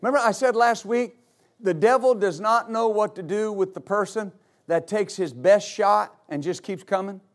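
A male pastor preaching a sermon, rising into repeated, shouted exhortations to his congregation. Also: high-pitched, normal speed. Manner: builds to shouted, repetitive exhortation.

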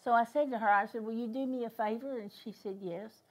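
A brisk older woman with a voice on the high side preaches as a guest minister in church. Her sermon takes the form of a story, driven home by emphatic repetition of key phrases.

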